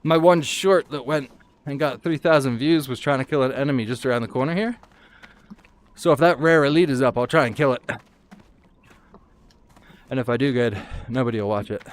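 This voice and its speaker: A male streamer with a mid-range voice chats casually while livestreaming a VR game, talking fairly quickly with frequent pauses. He rambles self-deprecatingly, picked up by his VR headset mic.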